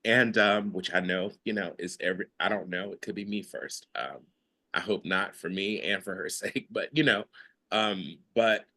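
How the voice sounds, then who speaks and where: A man's voice: sits low, normal speed, sharp tone. A man hosting a mindfulness class, sharing his feelings in a rambling, casual way with frequent laughter, heard over a video call. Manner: rambling, laughs often, lots of fillers. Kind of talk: casual, heartfelt group sharing.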